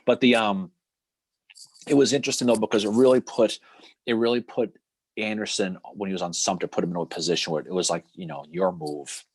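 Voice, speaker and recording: A man's voice: fairly low pitch, fairly even intonation, brisk, breathy edge, dry recording. A man co-hosting a casual history chat, rambling with restarts and laughing often. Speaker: podcast co-host.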